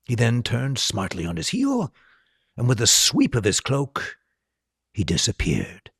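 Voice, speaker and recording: Male storybook narrator, husky low voice, lively melody. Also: no echo, studio quality. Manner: slow, expressive storytelling. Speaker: storyteller and tour host. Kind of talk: storybook reading.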